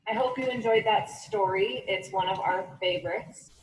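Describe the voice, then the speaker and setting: A woman's voice: mid-range voice, moderate pace, far from the mic, poor audio. A woman teacher reading a picture book aloud to her pupils, encouraging in manner.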